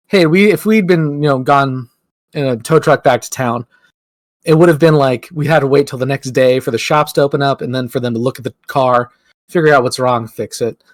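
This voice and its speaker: A man's voice: on the high side, normal speed, no echo. Rambling young man telling a story. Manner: rambling, lots of "like", acts out quotes. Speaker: podcast co-host. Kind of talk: casual storytelling chat.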